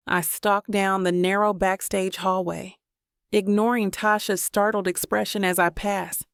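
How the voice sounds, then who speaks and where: A woman reading a romance audiobook as a steady first-person narrator. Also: medium pitch, measured pace, smooth, no room sound, clean studio sound.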